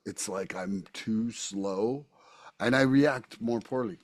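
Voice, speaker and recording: A man's voice: on the low side, slow pace. A man hosting a recovery podcast, speaking candidly and casually, often repeating his words as he thinks. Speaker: podcast host.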